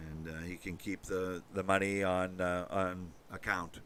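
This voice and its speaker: A low-voiced man talking off the cuff as host. His tone is forceful and tight. He rambles, swears freely and fills gaps with ums and uhs. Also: steady tone, normal speed, few pauses, a little hiss or hum. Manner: rambling, profane, many fillers. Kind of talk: casual monologue.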